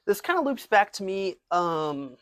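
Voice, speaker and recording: Young male student guest, slight lisp, halting casual speech, dry close sound. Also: high voice, very animated, fairly bright tone, dry recording. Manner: casual, halting, many fillers. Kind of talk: casual interview chat.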